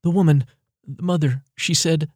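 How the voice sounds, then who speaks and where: A man's voice: mid-range voice, animated, normal speed, a little mellow, slightly rough, no room sound, studio quality. A man reading a story aloud, voicing a nervous young woman who speaks hesitantly and pleadingly.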